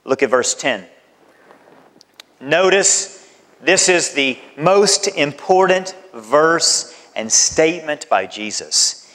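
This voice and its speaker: A man preaching a sermon as pastor, emphatic and deliberate, with dramatic swings in his voice. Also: a little high, animated, a bit bright. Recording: long hall reverb.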